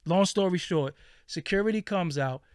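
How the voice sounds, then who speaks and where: A man's voice: sits high, moderate pace, clean tone, no room sound, clean studio sound. A man hosting his channel, telling a story casually, swearing freely and acting out what people said. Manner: animated, profane, acts out quoted lines. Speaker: channel host.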